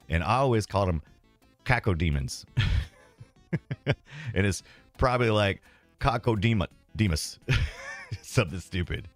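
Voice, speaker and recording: Low-voiced guy rambling to his stream chat while he plays old games, faint music under it. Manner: rambling, self-deprecating, talks to chat while playing. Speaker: streamer playing retro games. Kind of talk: casual live-stream chat with viewers.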